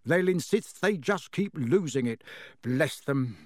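A man's voice: on the high side, animated, measured pace, a little mellow, no room sound, clean studio sound. A man voicing a tired, mild middle-aged wizard father who mumbles wearily and stammers when caught out. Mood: weary. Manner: weary, mumbling, then flustered and stammering.

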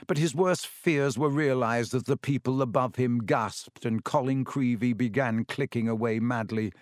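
A man reading a story aloud at a steady, measured pace, putting on voices for the dialogue. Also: medium pitch, dry recording, clean studio sound. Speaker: narrator. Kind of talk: audiobook reading.

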